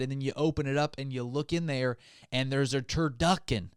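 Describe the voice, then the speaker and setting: A man's voice: medium pitch, fairly quick, dry recording, clean studio sound. A man hosting a comedy podcast, rambling through a hyped, mock-enthusiastic monologue. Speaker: podcast host.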